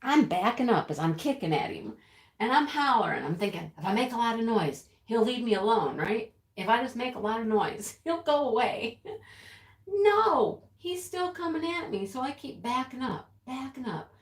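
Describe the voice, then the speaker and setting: A breathless, chatty storyteller. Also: female voice, fairly high pitch, very animated, normal speed. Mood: animated. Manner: breathless, dramatic, giggling storyteller. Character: chatty middle-aged woman telling a rooster story. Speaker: livestream storyteller. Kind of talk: sketch comedy monologue to viewers. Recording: roomy echo.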